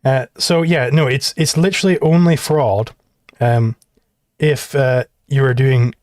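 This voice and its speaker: Man arguing fast on a live stream. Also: mid-range voice, darkish tone, dry recording, studio quality. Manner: quick, argumentative, laughs often, stumbles into restarts. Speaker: host.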